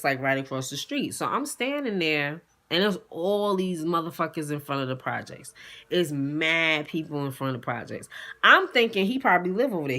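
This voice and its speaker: A young woman tells a story to her viewers, animated and salty with her language. Her voice sits fairly low but has a bright, forceful edge. She keeps talking straight to the audience. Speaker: vlogger. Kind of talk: casual storytime.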